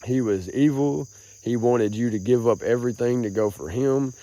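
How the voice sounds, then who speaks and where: A man's voice: mid-range voice, moderate pace, warm tone. A young man, rambling and swearing as he talks outdoors, calling the listener bro. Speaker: vlogger. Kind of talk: rambling outdoor vlog monologue. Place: outdoors in a rural grassy field.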